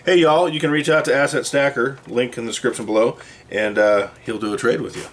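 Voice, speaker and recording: A man's voice: mid-range voice, steady tone, a little fast. A middle-aged man hosting his own channel, talking casually and bluntly to camera, with a little mild cursing. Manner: blunt, plainspoken, slightly profane. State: hiccups. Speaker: channel host.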